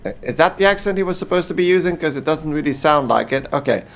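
A man's voice: a little high, animated, quick pace. Chatty man narrating his gameplay. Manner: curious, chatty, thinking aloud. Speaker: gameplay commentator. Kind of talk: casual let's play commentary.

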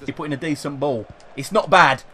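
A young man commentating on his own football video game, excitable and swearing, shouting at his players. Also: fairly high pitch, a little fast. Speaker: gaming commentator.

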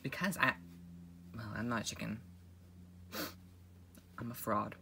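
A performer voicing a dim oddball character who calls itself a swan, rambling deadpan in a homemade comedy skit. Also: medium pitch, a little slow, gravelly, slight background noise.

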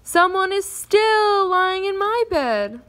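A woman voicing a little baby bear in a storybook reading, in a squeaky, whining voice. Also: sing-song, slow pace, a bit bright, full character voice. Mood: whiny.

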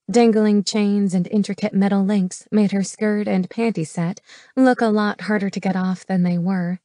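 A woman's voice: medium pitch, fairly even intonation, dark tone, no echo, studio quality. Woman narrating a romance audiobook. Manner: measured, intimate reading.

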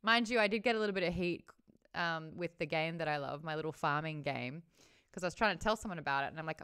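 A young Australian woman hosting a casual live stream, playful and quick to laugh as she toys with how words sound. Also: low voice, fairly bright tone, clear, resonant tone. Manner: playful, bursts into laughter, plays with word sounds. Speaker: streamer host.

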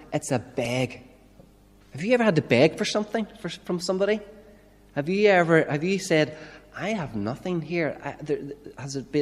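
A man with a Northern Irish accent preaching a sermon as a minister, talking conversationally and asking rhetorical questions. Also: on the high side. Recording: church reverb.

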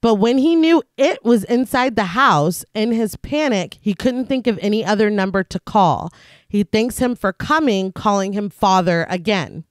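A woman's voice: mid-range voice, expressive, normal speed, no echo, clean studio sound. Laughing woman recapping a film plot. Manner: breaks into laughter while recapping. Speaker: podcast co-host.

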